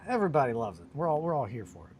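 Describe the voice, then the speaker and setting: A young man livestreams himself working on a hobby project, chatting casually, joking, and reading chat aloud in a relaxed manner. He has a mid-range, slightly mellow voice, and there's slight background noise.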